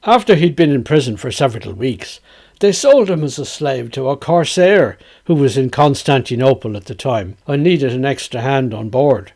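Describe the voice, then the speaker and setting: A man with a Dublin accent reciting a tale in a measured, storytelling manner. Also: medium pitch, lively intonation, gravelly, a little mellow.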